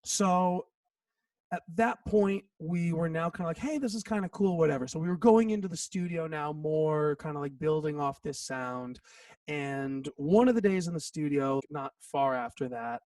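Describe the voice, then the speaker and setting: A man's voice: a little high, a little slow, no echo, recorded from a distance. A man in his thirties, a songwriter guest, telling a story in a casual interview, acting out quotes and saying "like" a lot. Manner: animated, acts out quotes, says "like" often.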